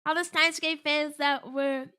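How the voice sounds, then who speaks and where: A woman's voice: sits high, fairly even intonation, a little slow, bright, forceful tone. A woman streaming a game, chatting casually in a rambling, self-mocking way and laughing often.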